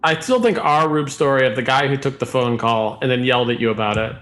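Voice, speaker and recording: A man co-hosting a movie podcast, sarcastic and quick to laugh. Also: medium pitch, fairly bright tone, slight background noise. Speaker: podcast co-host. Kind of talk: casual podcast chat.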